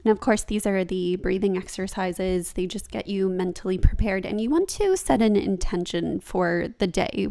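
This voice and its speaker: A woman's voice: mid-range voice, animated, normal speed, vocal fry, few pauses, warm tone. A young woman talking casually over her own yoga practice as a vlogger, chatty and laughing at herself.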